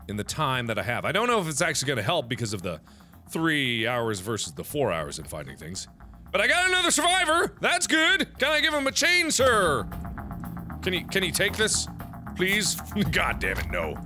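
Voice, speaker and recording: A man giving let's play commentary on a video game, swinging between loud outbursts and mumbled planning. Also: a little high. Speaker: gaming video host. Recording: game music clearly audible behind. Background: game music.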